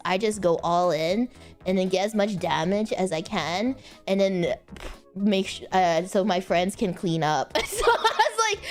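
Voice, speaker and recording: A young woman streaming casual chat, giggling often and breaking into high laughter. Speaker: VTuber streamer.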